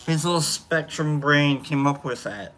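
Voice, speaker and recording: A man hosting a casual chat show, talking in a rambling, halting way full of fillers and restarts. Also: fairly high pitch, a bit bright. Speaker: host. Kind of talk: casual chat while smoking.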